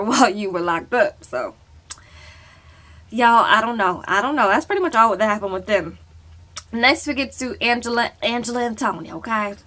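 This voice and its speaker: Bright, sassy woman recapping TV. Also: a little high. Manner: chatty, dramatic retelling with sassy asides. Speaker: reality TV recap vlogger. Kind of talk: casual recap vlog.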